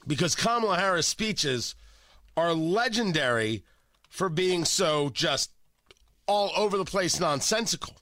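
A man hosting opinionated political talk radio, sarcastic and animated, often repeating and restarting his words, a little stuffy from a cold. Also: a little high, measured pace, no echo, clean studio sound. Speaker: radio talk show host.

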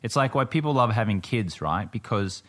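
Male guest, Australian accent, casual podcast chatter, laughs a lot while telling stories. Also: fairly low pitch. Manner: laughs often, quick animated storytelling. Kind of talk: casual chat.

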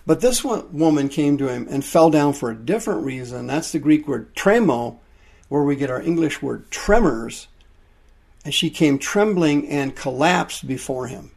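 A man preaching a sermon, explaining Greek words from the Bible with drawn-out emphasis. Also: on the high side, animated, vocal fry, a little mellow, husky.

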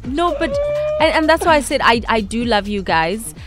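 A woman's voice: on the high side, animated, normal speed, over loud music. A woman co-hosting a radio show, speaking hesitantly with many fillers in casual chat. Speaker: radio co-host.

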